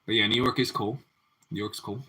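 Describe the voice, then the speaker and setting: Relaxed male stream host, bright clear tone, cooking at home, easy chatty talk. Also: on the low side, fairly quick. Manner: relaxed, answers viewer chat, often repeats his phrases. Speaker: livestream host. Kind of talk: casual chat while cooking. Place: home kitchen.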